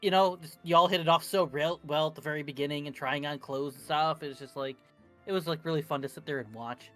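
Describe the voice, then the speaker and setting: Man, casual post-game chat on a voice call, bright slightly high voice, rambly, faint music bed. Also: steady tone, quick pace. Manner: rambling, self-correcting, many fillers. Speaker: tabletop game player. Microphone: computer mic on voice call.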